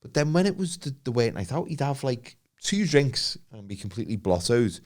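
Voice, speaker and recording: A man co-hosting a podcast, telling work anecdotes in relaxed chat with dry asides. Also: medium pitch, normal speed. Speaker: podcast co-host. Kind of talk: casual chat.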